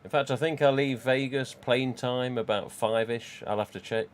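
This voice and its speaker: A man's voice: medium pitch, fairly even intonation, normal speed. A man, casually chatting and rambling on a live stream from home. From England. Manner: rambling, chatty, reads out chat.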